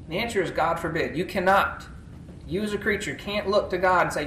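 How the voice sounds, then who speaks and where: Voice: mid-range voice, brisk, fairly bright tone. A preacher giving an emphatic sermon, often checking in with the congregation. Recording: echoey room, faint background noise.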